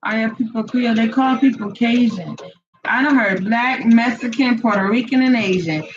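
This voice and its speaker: Animated laughing woman on a livestream. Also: a little high, moderate pace. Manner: animated, laughing, slangy banter. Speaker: co-host and spiritual reader. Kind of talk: casual live-stream chat. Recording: dull lo-fi livestream audio.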